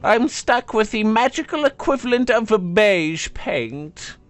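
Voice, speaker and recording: A man puts on a spiteful talking sword for a fantasy storybook. The voice is nasal and pitched high, with a wheedling, sarcastic edge. It swoops up and down as it sneers. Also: lively intonation, unhurried, soft background music. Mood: scornful. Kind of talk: storybook narration.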